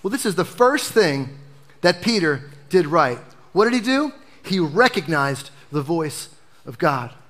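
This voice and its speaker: Animated male pastor preaching a sermon. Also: a little high, a little slow. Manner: animated preaching, dropping to a hush for emphasis.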